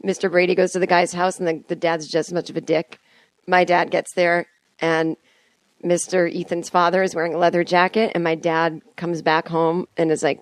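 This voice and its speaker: A woman comedian in her thirties chats on a podcast, her voice a touch low and recorded dry and close. She tells wry, self-deprecating stories with easy timing. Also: level tone, moderate pace, dry recording. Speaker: comedian guest. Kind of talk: casual podcast chat.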